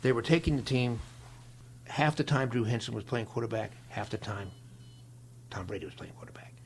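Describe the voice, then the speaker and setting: Gravelly older man telling stories. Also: medium pitch, brisk, slight background noise. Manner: folksy, animated storyteller. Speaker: interview guest, longtime equipment manager. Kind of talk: storytelling in a conversation.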